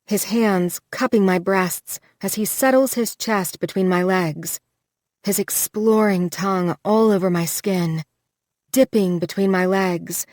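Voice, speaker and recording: A woman narrating a first-person romance audiobook in an intimate, measured way, close to the mic. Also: lowish voice, darkish tone, dry recording. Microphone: close studio mic. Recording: dry studio recording.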